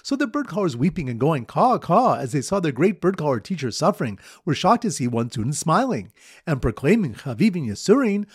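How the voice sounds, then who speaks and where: Guy teaching talmud with silly memory stories, voice jumps all over, kinda husky, dry close sound. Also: fairly high pitch, no echo. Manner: lively storytelling with Hebrew and Aramaic terms. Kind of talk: memory-aid Talmud lesson narration.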